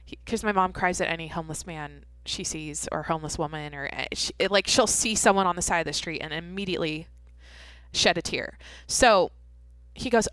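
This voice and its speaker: A woman's voice: fairly low pitch, fairly quick, fairly bright tone, dry recording. A young adult woman hosting a podcast, telling a story in rambling casual chat, swearing freely with many fillers and restarts. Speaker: podcast host.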